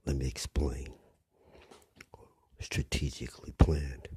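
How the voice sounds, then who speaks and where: An older man delivering a blunt, rambling monologue, often dropping to a rough whisper. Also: extremely low pitch, little pitch movement, slow pace. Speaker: commentator. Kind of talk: preachy monologue.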